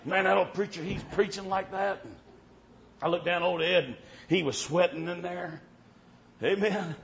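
A man's voice: sits high, normal speed, creaky. Folksy preacher man telling a story. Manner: folksy, punctuates with amen, swings loud to hushed. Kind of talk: sermon storytelling. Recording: muffled lo-fi with faint hiss.

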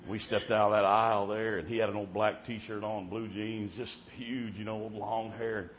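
A man's voice: fairly low pitch, flat delivery, normal speed. Folksy preacher man telling a story. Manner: folksy, punctuates with amen, swings loud to hushed. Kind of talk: sermon storytelling. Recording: muffled lo-fi with faint hiss.

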